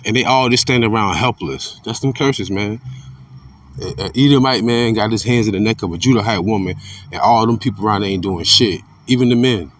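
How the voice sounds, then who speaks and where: A man talks fairly quickly through an off-the-cuff religious commentary, picked up far from the mic with a little hiss or hum. Profane and blunt, he repeats himself and lurches between fired-up shouting and muttering under his breath.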